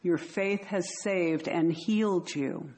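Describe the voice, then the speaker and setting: A woman reading the lines of a calm male teacher who gives gentle commands, in a plain, measured voice. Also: on the low side.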